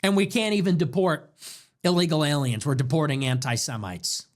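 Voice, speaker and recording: A young man hosting his own show, delivering an impassioned political commentary monologue full of rapid rhetorical questions. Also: fairly high pitch. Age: young adult. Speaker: show host.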